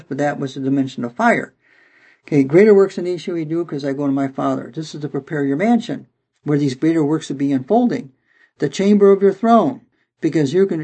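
A man preaching a Bible teaching, with a gravelly, husky voice that sits on the higher side. He reads scripture aloud and then unpacks it, peppering his explanations with "okay." The tone is dark and mellow rather than bright. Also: poor audio.

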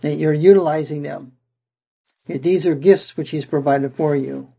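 A man's voice: fairly high pitch, fairly even intonation, moderate pace, vocal fry, mellow, breathy edge. A man teaching the Bible verse by verse, reading passages aloud and then explaining them with frequent "okay"s.

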